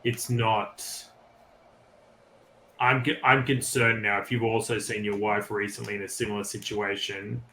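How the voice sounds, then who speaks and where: A man playing his character in an online tabletop game, speaking in a measured, deliberate way. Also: on the low side, pushed and bright, reverberant, a little hiss or hum. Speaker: player. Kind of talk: in-character tabletop role-play. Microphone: online voice call.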